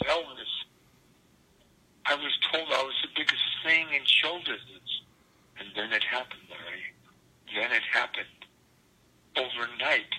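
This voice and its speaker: A man voicing a weary, wounded famous male singer in a hushed, confiding tone. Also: medium pitch, husky, heavily acted, low-quality recording.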